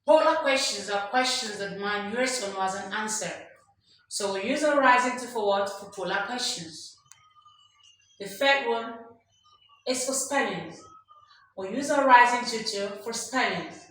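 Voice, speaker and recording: Bright-voiced woman teaching in an echoey room. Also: on the high side, lively intonation, measured pace. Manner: emphatic, drills examples aloud and quizzes listeners. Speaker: English teacher. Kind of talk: classroom lesson. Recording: strong echo, faint background noise.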